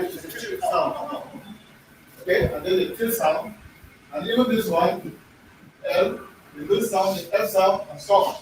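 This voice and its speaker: A man teaching a language lesson in a classroom, repeating himself and often checking that the class is following. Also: sits high. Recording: echoey room, distant mic, faint noise.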